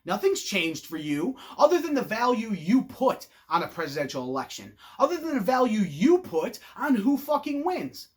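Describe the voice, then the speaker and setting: A loud, blunt man rants straight at his audience, swearing freely and dripping with sarcasm. His pitch swings widely as he jumps into mocking voices of the people he criticizes. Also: big pitch swings, moderate pace, few pauses. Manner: profane, sarcastic, mocking put-on quotes. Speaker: host. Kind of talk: ranting opinion monologue.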